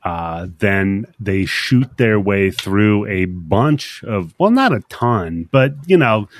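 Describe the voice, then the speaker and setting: A man's voice: lowish voice, expressive, slow, dry recording, clean studio sound. A man hosting a podcast, recapping a film in a rambling, joking way and acting out the characters' lines. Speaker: podcast host. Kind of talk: casual movie recap chat.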